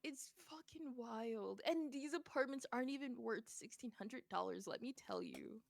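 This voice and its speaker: A young woman in her twenties telling stories in casual chat as a streamer, animated, laughing often and swearing freely. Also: a little high, moderate pace, gravelly, dry recording, clean studio sound.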